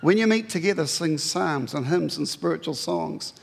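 A man preaches with a fairly high, gravelly voice that has a husky edge. He is earnest and pleading, and his pitch leaps up when he drives a point home. His words ring through a long hall reverb. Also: lively intonation, moderate pace. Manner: earnest, pleading, rises sharply in pitch for emphasis. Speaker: pastor. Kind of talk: sermon.

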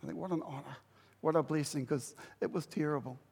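A man's voice: on the high side, fairly quick, slightly rough, long reverb tail. A middle-aged man preaching a sermon, telling a story and acting out the dialogue with lots of energy. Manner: animated storytelling, acts out dialogue. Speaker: pastor.

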